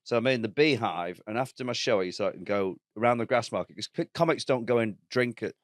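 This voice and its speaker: A man's voice: medium pitch, fast, no room sound, clean studio sound. A man, a comedian co-hosting a podcast, telling a story in casual chat, swearing and laughing as he goes.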